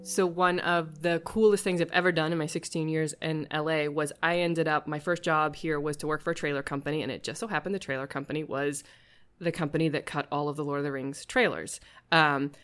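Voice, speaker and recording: Lively woman telling a story. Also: low-pitched, fairly quick, clear, resonant tone, faint music behind. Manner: animated, acts out quoted voices. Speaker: podcast guest. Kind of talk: casual storytelling.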